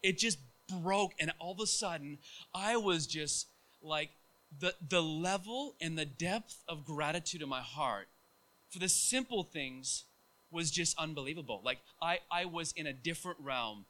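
A middle-aged man preaching a sermon, telling a personal story in a casual, animated way with many fillers and restarts. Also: on the high side, a little slow.

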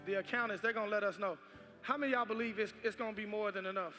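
High-voiced fervent pastor. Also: male voice, racing, bright, forceful tone. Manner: fervent, repetitive exhortation. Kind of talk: sermon with offering and prayer. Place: large church sanctuary. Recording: reverberant church hall with music.

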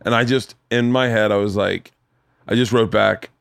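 Profane, animated man hosting a podcast. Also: fairly low pitch, normal speed, gravelly, no room sound, clean studio sound. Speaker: podcast host. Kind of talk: casual chat. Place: home studio.

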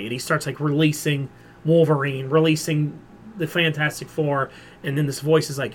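A man co-hosting a casual pop culture podcast, his voice sitting a little above the usual male range. He retells stories in an animated way, dropping in quick quoted voices and filling his sentences with "like". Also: fairly high pitch, a little hiss or hum. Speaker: podcast co-host. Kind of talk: casual chat.

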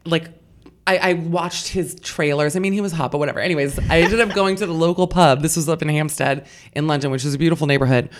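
Animated, low-voiced woman telling stories. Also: fast talker. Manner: animated storyteller, swearing and laughing. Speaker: comedian guest. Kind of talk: casual podcast chat.

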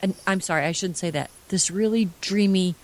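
A woman co-hosting a casual podcast chat, animated and swearing freely, with many restarts. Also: lowish voice, brisk. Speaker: podcast co-host.

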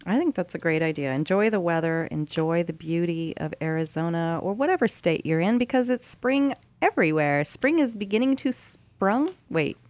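A woman's voice: lowish voice, lively intonation, normal speed, few pauses, darkish tone, no room sound. A woman hosting a talk radio show, chatting earnestly and emphatically and laughing easily. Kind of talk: casual talk radio chat.

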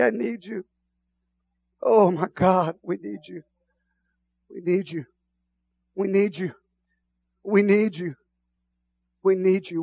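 A man pastor preaching a sermon, moving from quiet asides to shouted, fervent passages. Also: fairly high pitch.

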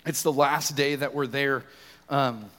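A young man preaching passionately to his church, often raising his voice close to shouting. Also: mid-range voice, fairly even intonation, unhurried. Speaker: youth pastor leading worship. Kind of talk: sermon. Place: church sanctuary. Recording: long reverb of a church hall.

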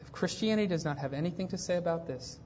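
A woman pastor in her thirties preaching a sermon, emphatic, swinging between hushed and intense passages. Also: lowish voice, fast talker, slight background noise. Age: 30s. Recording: dull lo-fi church recording.

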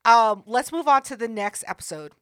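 Bright high-voiced woman co-host. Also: expressive, no echo, studio quality. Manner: chiming in with quick backchannels and jokes. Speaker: podcast co-host. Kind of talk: casual chat.

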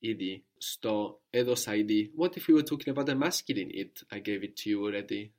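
A man teaching a spoken language lesson, patiently prompting his student and repeating each answer slowly. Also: on the low side, a little mellow.

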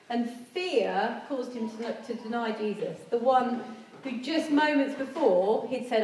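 Woman preacher, conversational sermon delivery, slightly high voice, distant mic with faint noise. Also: unhurried, a little mellow. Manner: earnest, conversational, acts out quoted voices. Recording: echoey hall, speaker far from mic.

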